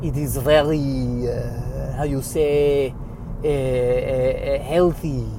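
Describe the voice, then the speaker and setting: A man voicing a bumbling male trader with a put-on French Canadian accent, pausing often to hunt for English words, recorded in a car. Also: mid-range voice, steady tone, noisy background. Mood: sly. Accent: fake French Canadian. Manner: halting, searching for words.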